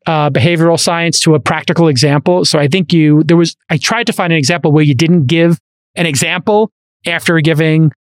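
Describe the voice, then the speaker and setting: Fast-talking, animated male podcast host. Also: on the high side, no room sound, studio quality. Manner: animated storyteller, quick asides and restarts. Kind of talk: casual podcast conversation. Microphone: studio microphone.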